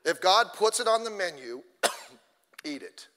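A male pastor preaching a sermon, telling stories in an animated way and addressing the congregation directly. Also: high voice, takes it slowly, big-room sound.

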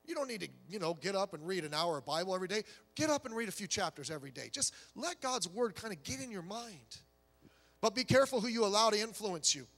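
A man's voice: high-pitched, animated, fast talker, a bit bright, big-room sound. A man preaching a sermon as pastor, in a conversational but emphatic way, with lots of rhetorical questions.

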